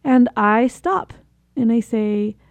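A woman's voice: fairly high pitch, lively intonation, slow, creaky, no room sound. Chatty woman giving homework-style self-help advice. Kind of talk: casual motivational talk.

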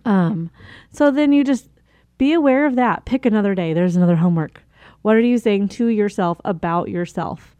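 A woman's voice: medium pitch, expressive, moderate pace, warm tone, no room sound. A woman hosting a casual self-help talk who coaches listeners, laughs at herself between remarks and admits to her own struggles. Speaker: host giving self-help advice.

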